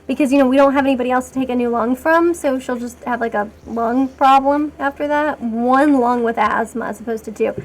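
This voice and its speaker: A woman streamer with a high voice talks through her game in a loose, rambling way. She keeps poking fun at herself and gets excited easily. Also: a little fast, hardly any pauses. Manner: rambling and chatty, talking to chat while playing; self-mocking and excitable. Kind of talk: casual live-stream commentary.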